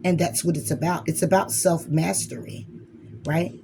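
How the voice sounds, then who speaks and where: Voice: medium pitch, fairly even intonation, normal speed, gravelly, noisy background. A speaker giving a blunt, emphatic motivational monologue as a spiritual reader, swearing freely and acting out inner arguments in quoted voices.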